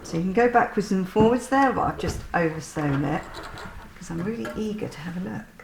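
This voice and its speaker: A woman's voice: mid-range voice, animated, a little fast, vocal fry. Woman, sewing tutorial, chatty, self-deprecating, echoey room, faint hum.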